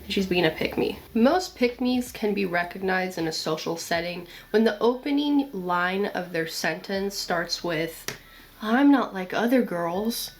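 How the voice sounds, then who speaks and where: A woman's voice: lowish voice, lively intonation, measured pace, hardly any pauses, a little hiss or hum. A young woman making a casual commentary vlog. She talks in a blunt, chatty way, swears now and then and uses a lot of "like". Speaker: video essayist.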